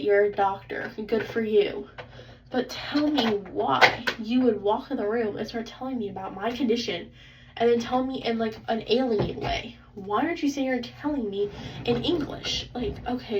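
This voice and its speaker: A young woman tells an exasperated, animated story about a doctor's visit, filling her talk with "like". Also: fairly high pitch. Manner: animated, exasperated, heavy use of "like". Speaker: vlogger. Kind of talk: casual storytime rant. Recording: slightly distant, dull, faintly noisy.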